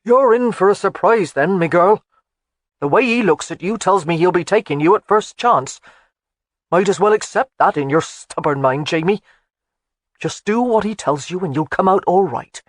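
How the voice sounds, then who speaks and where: A narrator doing a gruff old Highland man. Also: lively intonation, normal speed, dry recording, clean studio sound. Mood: scolding. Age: older. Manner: blunt, scolding, folksy. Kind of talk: audiobook character voice.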